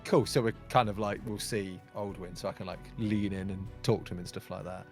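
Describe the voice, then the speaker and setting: A man's voice: fairly low pitch, steady tone, a little fast, soft background music. A man playing a tabletop game, casual and joking. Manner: casual, laughing, playful. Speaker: player.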